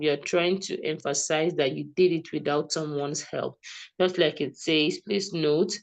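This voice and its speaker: A woman's voice: sits low, steady tone, a little slow, vocal fry, low-quality recording. A woman tutoring English grammar over a video call, explaining patiently and often checking that her student understands. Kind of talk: online one-to-one grammar lesson.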